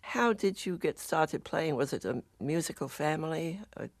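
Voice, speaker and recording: A man's voice: fairly high pitch, animated, normal speed, creaky, no room sound. A man hosting an interview, chatty and enthusiastic in casual talk. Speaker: radio show host.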